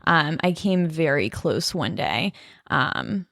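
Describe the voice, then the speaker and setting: A woman's voice: low voice, big pitch swings, slow pace, vocal fry, a bit bright, no echo, studio quality. A woman co-hosting a podcast, chatting candidly and laughing at herself. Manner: candid, self-deprecating, laughs often. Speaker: podcast co-host, orthopedic PA. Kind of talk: casual chat.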